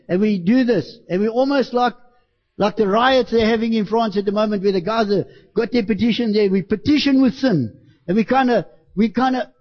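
High-voiced preaching man, lo-fi. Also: normal speed. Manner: emphatic preaching with dramatic quoted voices. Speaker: pastor. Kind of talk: sermon.

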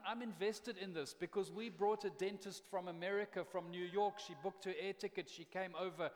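A man pastor preaching a sermon in a conversational, impassioned way, often repeating words as he builds up steam. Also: high-pitched. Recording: long reverb of a large hall.

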